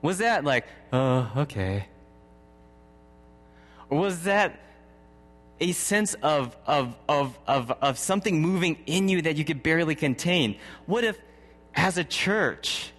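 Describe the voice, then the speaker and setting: A man's voice: fairly high pitch, lively intonation, measured pace, a bit bright. A man in his thirties preaching a sermon, telling a personal story in a conversational way and chuckling often. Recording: long hall reverb.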